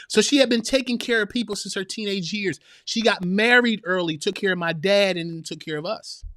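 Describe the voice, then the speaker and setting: A man's voice: sits high, a bit bright, no echo, clean studio sound. A man hosting a podcast, telling a personal story in a heartfelt, preacherly manner and speaking directly to listeners as sisters. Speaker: podcast host. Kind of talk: heartfelt motivational monologue.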